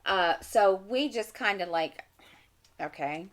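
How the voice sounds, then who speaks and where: A woman's voice: fairly low pitch, animated, measured pace, a bit bright. A middle-aged woman chatting casually at home while crafting, rambling and talking to herself as she works. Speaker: channel host. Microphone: desk mic.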